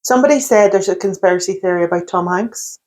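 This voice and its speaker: A woman's voice: medium pitch, quick pace, darkish tone. A woman co-hosting a podcast, throwing in dry, teasing quips during a casual chat. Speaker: podcast co-host.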